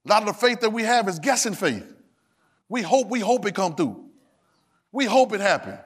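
A man preaching in a sermon, his voice pitched high for a man. He pulls the congregation in with call and response and drops into loose, casual church talk. His delivery swings from low asides to shouted, sung lines. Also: sing-song, moderate pace, husky. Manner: Southern Black church vernacular, drops verbs. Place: church sanctuary.

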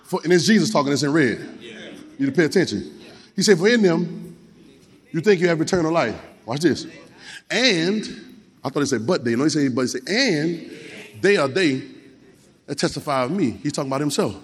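A high-voiced man preaches to a congregation, dropping into low, rapid asides and then shouting lines to be repeated back. His voice carries a long reverb from a large hall. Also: expressive. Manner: call-and-response, repeats phrases, shifts from low talk to shouting. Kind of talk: sermon.

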